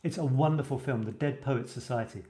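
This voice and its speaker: A man's voice: medium pitch, brisk, mellow. A man hosting a live show about writing, chatting casually and reading viewers' comments aloud with enthusiasm. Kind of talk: casual live-stream chat. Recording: roomy echoey sound.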